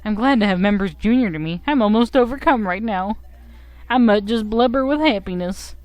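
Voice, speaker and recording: A woman's voice: mid-range voice, animated, normal speed, no room sound, lightly acted. An eager young beaver guy fresh to the guild, talking in a folksy put-on full of yups and by gollies, as a woman puts him on. He sounds chirpy, and the recording is close and dry. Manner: folksy, chirpy, says yup and by golly.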